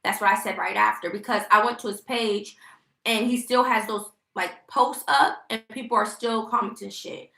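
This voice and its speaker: A woman's voice: mid-range voice, steady tone, moderate pace, gravelly, sharp tone, reverberant. A young woman venting emotionally on a casual livestream, rambling and indignant. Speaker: vlogger live-streaming.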